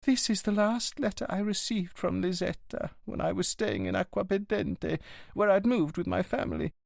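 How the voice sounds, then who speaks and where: A man voicing an emotional, insistent elderly woman, the headmaster's wife, with high pleading outbursts that turn tearful. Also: expressive, normal speed, vocal fry, no echo, clean studio sound, full character voice.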